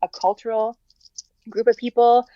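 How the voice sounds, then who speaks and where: A woman guest in a candid personal interview, speaking earnestly in halting restarts and many fillers. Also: on the high side, level tone, mellow, smooth, dry recording, dull audio.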